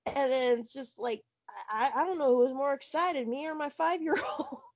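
A young adult woman co-hosting a podcast, chatting in an excitable, rambling way and laughing easily. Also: high voice, normal speed, no room sound. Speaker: podcast co-host. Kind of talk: casual chat. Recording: muffled dry lo-fi audio.

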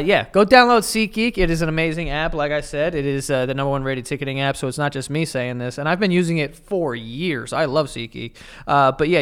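A man's voice: a little high, a bit bright, clean tone, no room sound. A man hosting a podcast in a casual, emphatic, blunt way, often swearing as he talks. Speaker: podcast host. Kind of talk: casual podcast chat and ad reads.

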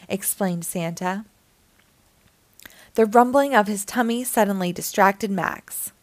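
A woman reading a children's picture book aloud as the storytime host, in an expressive storytelling manner. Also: mid-range voice, takes it slowly, dry recording. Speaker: storytime reader.

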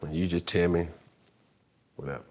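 A man's voice: low-pitched, fairly even intonation, moderate pace, darkish tone. A man hosting a casual talk show, chatting with a guest and drawing out his stories. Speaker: podcast host. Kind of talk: casual chat.

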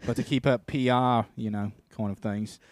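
Brief: male podcast co-host, mid-pitched, dry close mic, loose comic riffing with put-on voices. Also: steady tone, moderate pace, no echo. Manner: riffs on bits, puts on voices, laughs often. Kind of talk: casual comedic banter.

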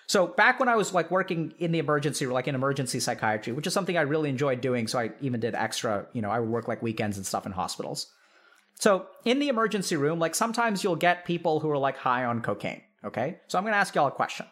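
A man who works as a psychiatrist, talking casually to a live chat audience in an animated way, with lots of "like" fillers, and calling his listeners y'all. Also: on the high side, fast talker.

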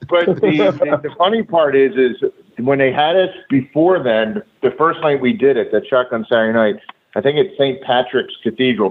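Male guest, casual profane storyteller, mid-pitched, heard through a tinny phone connection. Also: slight background noise. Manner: loose, profane, with many fillers. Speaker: guest, former pro wrestler. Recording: tinny phone-line audio.

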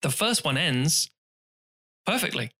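Bright-voiced man ranting about films. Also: fairly high pitch, a little slow. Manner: animated, swearing, acts out scenes in silly voices. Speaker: podcast co-host. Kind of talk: casual film chat.

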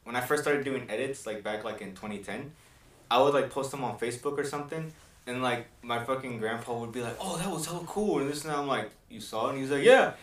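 A young man co-hosting a podcast in a casual chat, telling stories animated and cursing often. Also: medium pitch, fast talker. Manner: swears a lot, animated storytelling. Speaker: podcast co-host. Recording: echoey room, mic far off.

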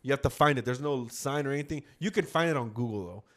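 A man's voice: medium pitch, quick pace, fairly bright tone. A man telling a rambling, slangy story in a casual chat with friends. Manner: rambling, slangy, quotes others mid-story.

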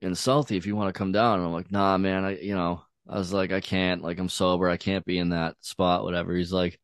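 A man's voice: low-pitched, level tone, a little fast, dry recording, clean studio sound. A man telling a laid-back story as a podcast host, swearing often and filling his talk with "like" and "dude". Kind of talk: casual storytelling chat.

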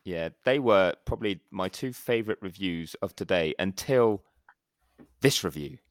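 Deep-voiced man, dry podcast banter. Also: expressive, moderate pace, dry recording. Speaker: podcast co-host. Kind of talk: casual chat.

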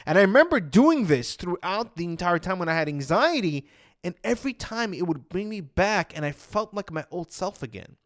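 A man's voice: sits high, very animated, normal speed. A man talking casually as an anxiety coach, retelling his own past thoughts in a chatty way. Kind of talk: casual motivational talk.

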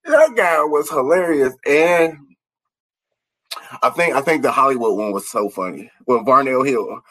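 Husky, high, animated man. Casual chat, lots of laughter and quoted lines. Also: a little slow, low-quality recording. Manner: animated, laughs often, acts out quotes from shows. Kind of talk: casual chat about TV shows.

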